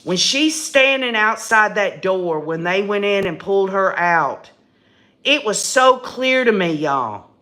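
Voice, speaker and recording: Slow, emphatic woman streaming live. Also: mid-range voice, lively intonation, sharp tone. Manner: emphatic, addresses viewers as "y'all", repeats and restarts when indignant. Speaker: livestream host. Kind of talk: live true-crime commentary.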